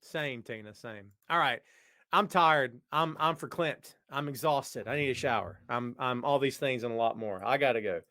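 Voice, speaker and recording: A man hosts a live stream at an easy conversational pitch, his voice worn and tired. He rambles and jokes straight at his viewers, and the sound is dry and close. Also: normal speed, bright, forceful tone, no echo. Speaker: podcast host. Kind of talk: casual live-stream chat. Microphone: webcam setup.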